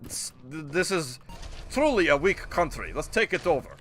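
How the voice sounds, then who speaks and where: A man's voice: on the high side, sing-song, a little slow, fairly bright tone, a little hiss or hum. A man putting on the voice of a pompous, snobbish foreign enemy with a haughty drawl. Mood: mocking.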